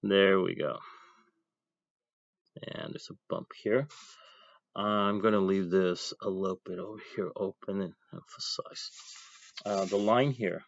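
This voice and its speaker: A man's voice: deep voice, fairly even intonation, a little slow, gravelly, long pauses, lo-fi sound. A man teaching an ink drawing class, talking casually as he draws and thinking aloud with chatty asides. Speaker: art teacher.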